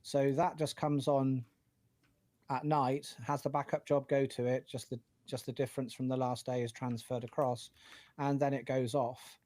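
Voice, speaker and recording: A man's voice: medium pitch, little pitch movement, moderate pace, dark tone. A British man co-hosting a tech podcast, chatting casually and rambling a little as he explains his setup. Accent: British English. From United Kingdom. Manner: chatty, rambling, with many fillers. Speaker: podcast co-host.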